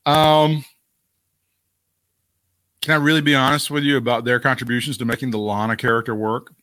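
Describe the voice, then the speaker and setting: A man co-hosting a casual podcast, crude and animated, laughing often at his own jokes. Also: mid-range voice, moderate pace, dry recording, studio quality. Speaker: podcast co-host.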